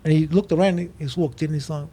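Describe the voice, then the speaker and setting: A man's voice: on the high side, rapid-fire, husky. A middle-aged man, a podcast guest telling stories in casual chat. He swears freely and acts out the voices of people in his stories. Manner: animated storyteller, swears, acts out quoted voices.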